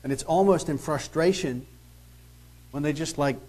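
A man's voice: fairly high pitch, normal speed, long pauses, darkish tone, low-quality recording. A man teaching through scripture verse by verse, reading passages aloud and then commenting in a conversational, emphatic way with rhetorical questions. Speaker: Bible teacher.

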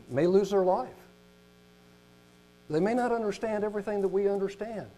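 Preacher man with a fairly high voice. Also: low-quality recording. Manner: reads long lists aloud with hesitant pronunciations; rises in pitch and volume on emphatic points, drops low and soft on solemn ones. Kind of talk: sermon. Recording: mains hum in background.

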